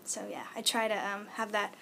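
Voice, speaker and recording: A young female singer in a casual interview chat, relaxed and giggly, with lots of ums and likes. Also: medium pitch, fairly quick, vocal fry, slight background noise. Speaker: singer guest.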